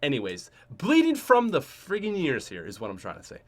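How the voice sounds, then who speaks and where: A young man in his twenties hosting a podcast, telling a rambling, joking story about himself with lots of restarts and sudden swings between loud and soft. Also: mid-range voice, wildly swooping pitch, brisk. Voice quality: chatty, joking, self-mocking. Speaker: podcast host.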